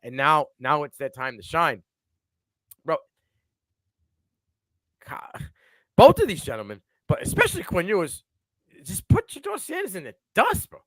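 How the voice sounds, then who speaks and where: A male co-host giving animated, profane takes on a sports talk livestream. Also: a little high, unhurried, long pauses, no room sound, studio quality.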